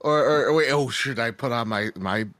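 A man's voice: mid-range voice, fairly quick, fairly bright tone, no echo. A man guesting on a gaming podcast, chatty and telling stories. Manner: chatty, storytelling. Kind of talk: casual podcast chat.

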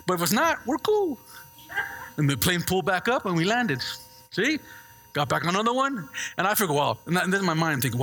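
A man preaching, his voice high and gravelly with a bright, forceful edge. He tells stories in an animated way and keeps tossing questions to his congregation. A faint hum sits under the recording. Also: moderate pace, pauses often. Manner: animated storytelling with call-and-response asides. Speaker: pastor. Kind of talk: sermon.

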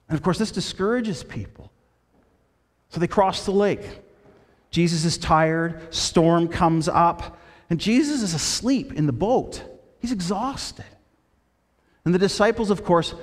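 Preacher man in a reverberant hall. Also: a little high. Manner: storytelling with quoted voices, shifting between loud and hushed. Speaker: pastor. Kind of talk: sermon.

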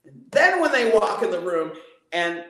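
A woman's voice: normal speed, roomy sound. A woman voice coach talking expressively as an interview guest, demonstrating with her voice. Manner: expressive, demonstrative, big pitch swings. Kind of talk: animated interview talk.

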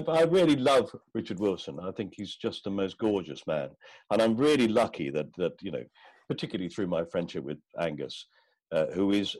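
A man guest on a podcast, telling animated stories about old friends in a casual chat. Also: low voice, dry recording.

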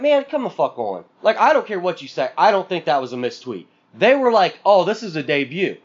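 A man's voice: high-pitched, sing-song, fairly quick, hardly any pauses, muffled recording. A man co-hosting a podcast, venting in a profane, exasperated rant full of sarcastic mock quotes. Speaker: podcast co-host.

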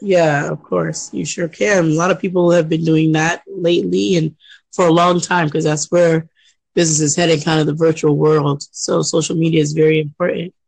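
A man hosting a podcast, talking in a steady, earnest, casual way about his goals. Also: fairly high pitch, normal speed, gravelly, husky, no echo, low-quality recording. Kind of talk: casual chat.

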